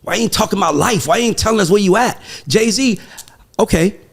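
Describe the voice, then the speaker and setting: Host, male, raised gravelly voice, emphatic and profane in casual chat. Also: sits high, a little fast. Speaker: podcast host.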